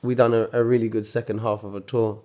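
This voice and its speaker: A man, a musician guest in casual chat, telling relaxed, rambling anecdotes. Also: fairly low pitch, fast talker.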